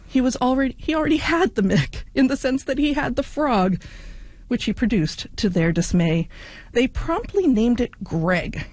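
A woman's voice: fairly high pitch, animated, moderate pace, a little mellow, no room sound. Woman radio host, wry and playful, reading a light news item, dry studio sound. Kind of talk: scripted radio news intro.

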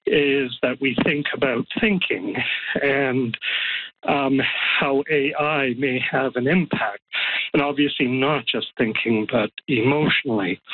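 A man's voice: medium pitch, narrow, tinny audio. A man phoning in to a radio talk show as a psychoanalyst, slightly out of breath, hesitant and thoughtful with many ums. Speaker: caller, psychoanalyst. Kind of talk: radio call-in.

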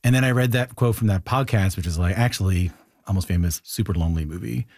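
A male interview host with a lowish voice who talks in quick, rambling bursts. He circles back and restarts his ideas as he builds toward a question. The sound is dry and close, with no room echo. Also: darkish tone. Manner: rapid, rambling, restarts thoughts. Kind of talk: conversational interview.

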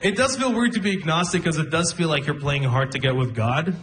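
Onstage at a live comedy show, this young man in his twenties spins conversational stories and plays the characters he quotes. He talks a little fast in a slightly bright, higher voice. The crowd is audible in the recording.

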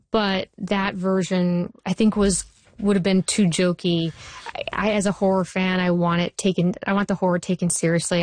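A woman in her forties, a TV writer being interviewed, who tells stories in an animated way and acts out the quotes. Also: on the low side, no echo. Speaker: TV writer and showrunner. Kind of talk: interview guest.

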